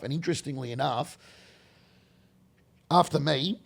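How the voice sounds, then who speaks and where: Australian guy, middle-aged, gravelly voice, rambling anecdotes in a relaxed interview chat. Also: mid-range voice, normal speed. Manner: animated, rambling anecdotes with many restarts. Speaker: guest. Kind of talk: casual storytelling interview.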